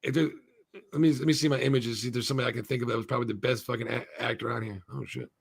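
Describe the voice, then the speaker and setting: A man's voice: medium pitch, fairly even intonation, rapid-fire, gravelly, slightly rough. A man hosting his own show, recapping and reviewing a TV episode in a loose, rambling, profane way, often acting out the characters' lines. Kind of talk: casual solo recap and review.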